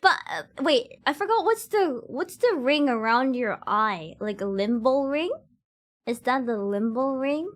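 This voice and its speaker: High-voiced woman chatting to her stream. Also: expressive, unhurried. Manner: rambling, giggly, many fillers; talks straight to chat. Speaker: cosplay streamer. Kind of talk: casual chat with stream viewers.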